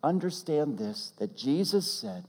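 A man preaching a sermon as pastor, swinging from loud emphatic peaks to hushed, almost whispered lines. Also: a little high, sing-song, measured pace, husky. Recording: long reverb of a large hall.

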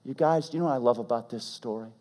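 A man preaching a sermon as pastor, swinging from loud emphatic peaks to hushed, almost whispered lines. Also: mid-range voice, very fast. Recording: long reverb of a large hall.

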